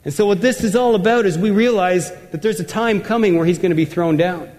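A man delivers a sermon in a notably high voice, emphatic and repeating words for effect. His voice carries a long reverb, as if filling a large church hall. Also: brisk, darkish tone. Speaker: pastor.

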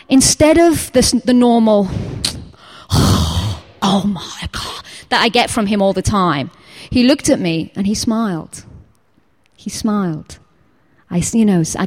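A woman's voice: mid-range voice, moderate pace. A woman teacher from England giving an informal sermon, full of personal stories, acting out quotes and dropping to a whisper at times. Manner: animated storytelling, acts out quotes, drops to whispers. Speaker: teacher giving a church talk.

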